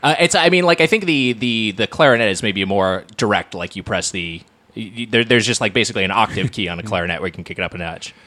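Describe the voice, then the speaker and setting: A man's voice: fairly low pitch, lively intonation, fast, pushed and bright. A man co-hosting a casual food podcast, rambling and correcting himself as he jokes and reviews. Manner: rambling, self-correcting, jokey. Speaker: podcast co-host.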